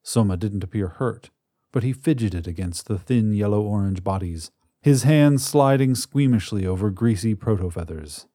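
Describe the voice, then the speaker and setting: A man in scripted narration of a science fiction story, telling it in a measured, dramatic way on a close mic. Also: lowish voice, lively intonation, dark tone, no echo.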